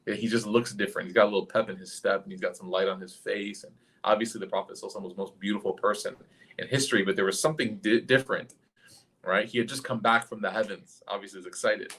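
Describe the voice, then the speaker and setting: A male religious teacher giving a storytelling sermon in a lively, conversational way, often turning to ask the listeners questions. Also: on the low side, rapid-fire.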